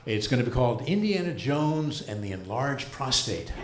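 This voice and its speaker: Older man doing deadpan stand-up in a roomy club. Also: mid-range voice, moderate pace, very noisy. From United States. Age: 70s. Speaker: stand-up comedian and rabbi. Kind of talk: stand-up comedy set. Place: comedy club stage. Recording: roomy live club sound.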